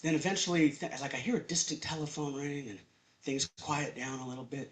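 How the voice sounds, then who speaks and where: A man in his fifties telling a personal story at a live storytelling event, conversational and animated. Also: medium pitch, brisk. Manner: animated, conversational, acts out voices.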